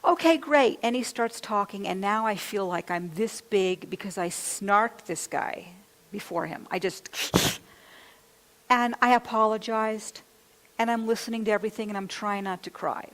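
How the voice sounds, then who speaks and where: A woman's voice: mid-range voice, fairly even intonation, normal speed, a bit bright. A woman minister gives a sermon, telling a candid, confessional personal story and quoting her own thoughts aloud. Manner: candid, confessional storytelling with quoted self-talk. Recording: long hall reverb.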